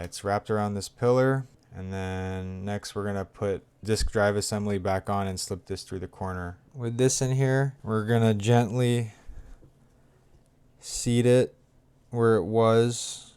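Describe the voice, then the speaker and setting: Low-voiced man muttering through a repair. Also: a little mellow, smooth. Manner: mutters while working, grows frustrated and swears. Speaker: tech vlogger. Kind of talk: casual hands-on narration.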